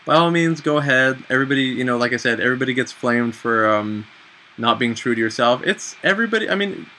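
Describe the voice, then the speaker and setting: A man in his twenties giving casual, self-mocking advice in a chatty, animated way on a home vlog. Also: medium pitch, fast talker, slight background noise, poor audio. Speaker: vlogger.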